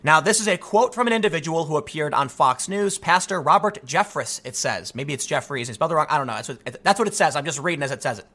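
A man delivering solo political commentary, talking in rapid bursts with frequent restarts. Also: on the high side. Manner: animated, rapid-fire talk with frequent restarts.

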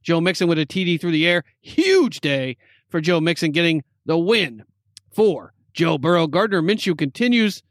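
A man with a fairly high voice co-hosts a casual football talk show. He reels off scores and stats in quick bursts and laughs easily. His voice sits close and dry on the mic. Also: sing-song, no room sound. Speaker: podcast co-host. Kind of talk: casual sports chat.

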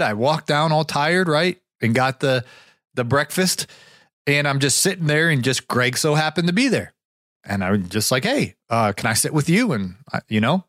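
Guy with a sore throat rambling on his podcast, cough drop in, mid pitch, dry sound. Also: a bit bright, no room sound. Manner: rambling, many restarts and fillers. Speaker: podcast host. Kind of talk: casual storytelling podcast. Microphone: podcast mic.

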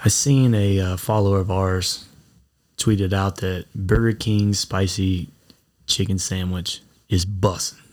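A man's voice: sits low, steady tone, slow, a little mellow. A man hosting a podcast in casual chat, telling stories in a rambling way and laughing often. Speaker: podcast host.

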